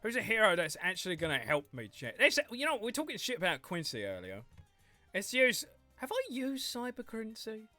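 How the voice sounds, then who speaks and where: A man's voice: sits high, wildly swooping pitch, a little fast, sharp tone, faint music behind. A man chatting playfully with his viewers while he livestreams a game, teasing and laughing often. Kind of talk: casual gaming stream chat.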